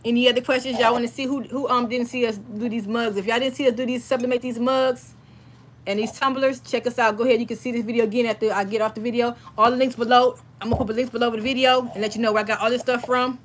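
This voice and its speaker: A woman's voice: on the high side, steady tone, fast, a little hiss or hum. A woman in her thirties, hosting a casual crafting livestream from home and chatting familiarly with her viewers.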